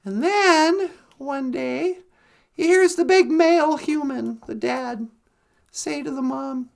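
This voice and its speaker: High, gravelly woman telling a story. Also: slow pace. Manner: animated, laughing. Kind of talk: casual storytelling.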